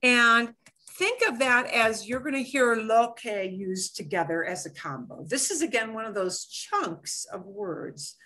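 A woman's voice: on the high side, animated, measured pace, bright, forceful tone. A woman teaching a beginner language class, explaining with lots of examples and repetition. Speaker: Spanish teacher. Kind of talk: live online language class.

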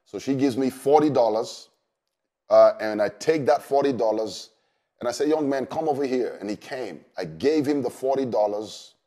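A man, a pastor, telling a personal story in an earnest, unhurried way with many fillers. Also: mid-range voice, expressive, warm tone. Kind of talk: storytelling testimony.

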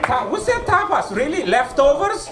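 A man from Romania works a small basement comedy room, teasing the audience and checking in with them often. His voice sits very high and swings around a lot. He is picked up from a distance in an echoey space, with a loud crowd and plenty of noise. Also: very animated, moderate pace. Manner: playful, teasing, checks in with "right?". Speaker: stand-up comedian. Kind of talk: stand-up set with crowd work.

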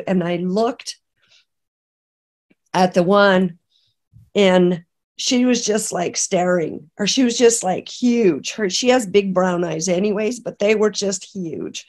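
A middle-aged woman from Canada, a podcast guest, telling an emotional personal testimony in a halting way with many restarts. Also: fairly low pitch, a little mellow. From British Columbia, Canada. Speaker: interview guest.

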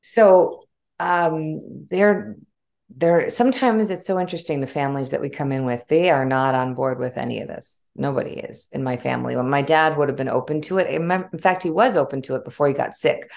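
A middle-aged woman with a Chicago accent, a former journalist telling stories in an animated, conversational interview. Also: sits low, a little fast, creaky. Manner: animated storytelling with frequent laughs. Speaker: guest, former broadcast journalist.

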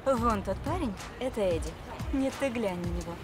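A woman's voice: mid-range voice, expressive, brisk, over music, natural voice. A woman voicing a teasing street-racing guide. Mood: urging. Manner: teasing, sassy. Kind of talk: video game voice acting.

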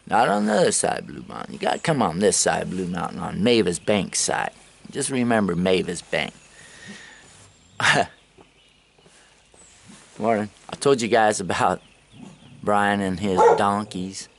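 A man's voice: fairly low pitch, very animated, measured pace, vocal fry, long pauses. A man vlogging on his travels, telling loose, rambling stories to the camera with plenty of swearing and laughter at his own tales. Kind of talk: casual storytelling to camera.

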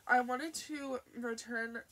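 A woman's voice: a little high, fairly even intonation, takes it slowly, a bit bright. A woman reading an audiobook, voicing a polite male TV interviewer who keeps his tone light and breezy. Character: smooth persistent male TV interviewer.

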